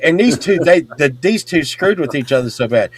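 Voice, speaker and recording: A middle-aged man telling a rowdy story in casual chat, swearing and loudly acting out the people in it. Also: a little high, moderate pace, slight background noise. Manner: animated, swearing, acts out quotes loudly. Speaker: podcast host.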